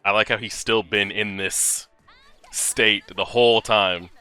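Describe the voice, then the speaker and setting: A man hosting an anime reaction video, talking casually and excitably, swearing and talking back at the screen. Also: lowish voice, a little slow, clean tone, faint music behind.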